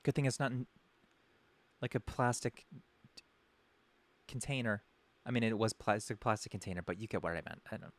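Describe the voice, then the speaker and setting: A man's voice: on the low side, fairly quick, pauses often. Sarcastic, rambling comic storyteller guy. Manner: rambling, self-correcting, sarcastic. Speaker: podcast host. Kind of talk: comedic storytelling.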